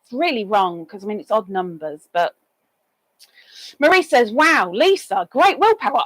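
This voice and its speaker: A woman's voice: on the high side, very animated, a little slow, fairly bright tone, no echo, low-quality recording. A woman hosting a casual live stream, chatting and reading viewer comments aloud, with sing-song greetings for each newcomer.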